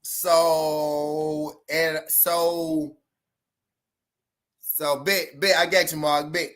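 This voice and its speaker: A man's voice: fairly high pitch, little pitch movement, drawn-out words, fairly bright tone. A man with a Southern US accent hosting a casual boxing livestream, chatting loosely with viewers and repeating himself.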